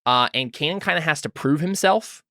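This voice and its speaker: A game master runs a tabletop role-playing game in a slightly high voice with lively intonation and a brisk, bright, forceful tone. He talks loosely, uses many fillers, and keeps asking the players what they do, all captured in a dry studio recording.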